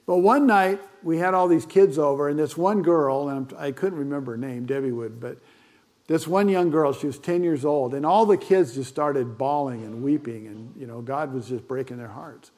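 A man's voice: on the high side, normal speed, darkish tone. An older man with grandchildren, a pastor giving a conversational sermon full of fillers and asides.

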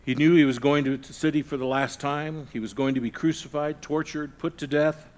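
A middle-aged male pastor preaching a sermon, swinging from loud emphasis to hushed, low passages. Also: steady tone, brisk.

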